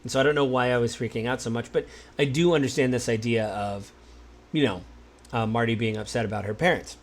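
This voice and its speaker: A married man hosting a podcast, talking in a relaxed, musing way, with many fillers and restarts. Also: mid-range voice, a little fast. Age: adult, married. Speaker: podcast host. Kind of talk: casual solo podcast talk.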